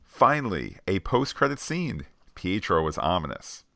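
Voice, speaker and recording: A man's voice: low voice, sing-song, moderate pace, gravelly, a bit bright, no echo, studio quality. A man co-hosting a podcast, working through listener tweets with frequent fillers. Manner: reads off a list with frequent uh fillers. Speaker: podcast co-host.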